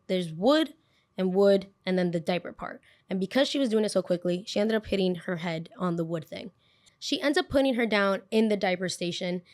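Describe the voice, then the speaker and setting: Young woman podcast host telling a story, animated, does everyone's voices, average pitch. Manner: animated, acts out voices in quotes.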